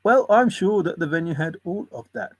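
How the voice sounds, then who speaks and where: A man's voice: sits high, expressive, normal speed, husky. A man in a casual, rambling monologue, musing in a conspiratorial tone and often chuckling. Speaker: channel host.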